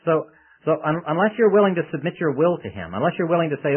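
A man's voice: fairly high pitch, sing-song, fast, slightly rough. A man preaching a sermon in a conversational, storytelling way, asking his listeners questions as he goes. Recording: tinny lo-fi radio broadcast.

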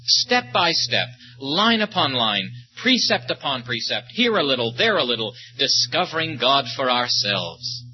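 A man preaching a sermon, speaking slowly and emphatically and stopping to tell short stories. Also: mid-range voice, big pitch swings. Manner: slow, emphatic preaching with storytelling asides. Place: meeting or conference hall. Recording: muffled, lo-fi recording with faint hum.

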